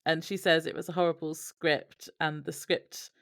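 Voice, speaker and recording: A woman's voice: sits low, little pitch movement, moderate pace, fairly bright tone. A woman co-hosting a podcast in casual chat, laughing often as she shares behind-the-scenes trivia. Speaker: podcast co-host.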